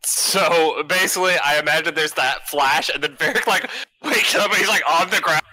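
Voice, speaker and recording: A man's voice: fairly high pitch, normal speed, sharp tone, no echo, low-quality recording. A man playing in a tabletop game, describing his character loosely with many fillers. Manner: laughing, loose, filler-heavy. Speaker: player.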